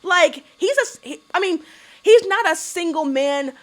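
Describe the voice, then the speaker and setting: A woman's voice: extremely high pitch, lively intonation, moderate pace. A woman hosting a casual TV recap vlog, blunt, sassy and profane, with mocking put-on voices. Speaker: YouTube recap host.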